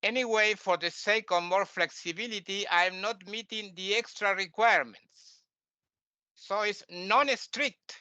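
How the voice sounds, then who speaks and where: A man lecturing as a teacher in halting, non-native English, with many fillers and restarts and quiet muttered asides. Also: high-pitched, clear, resonant tone, dry recording. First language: Spanish. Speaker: teacher and author. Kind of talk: lecture on scripture.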